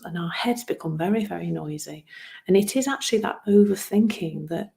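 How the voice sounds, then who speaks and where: A woman with a slightly low voice talks through her old approach to coaching. She is earnest and a little self-deprecating, chuckling at herself and circling back over words as she gathers her thoughts. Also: gravelly, dark tone. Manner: earnest, self-deprecating, laughs at herself, repeats words while searching for phrasing. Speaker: wellbeing coach. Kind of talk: reflective solo talk.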